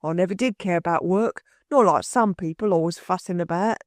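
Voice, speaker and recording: A rough burglar, meek and muddled, his slangy working-class talk rambling on, as a woman reader puts him on. The storybook voice sits a little below the reader's own. It is heard dry and close. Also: fairly low pitch, fairly quick, dry recording, natural voice. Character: rough-spoken male London burglar, bewildered, meek.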